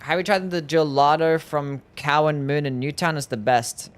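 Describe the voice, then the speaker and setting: A man with a mild Australian accent streaming a game, chatting casually and reading viewer messages aloud, easygoing and quick to laugh. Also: a little high, fairly even intonation. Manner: laid-back, easygoing, laughs often, loose with fillers. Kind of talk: casual livestream gameplay chat, reading chat aloud.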